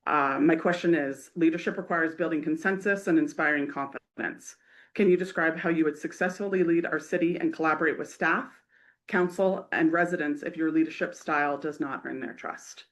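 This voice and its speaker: A man's voice: fairly high pitch, normal speed, a bit bright. A man from the audience, a little apologetic, reading a prepared question to the candidates at a community forum. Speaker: audience member asking a question.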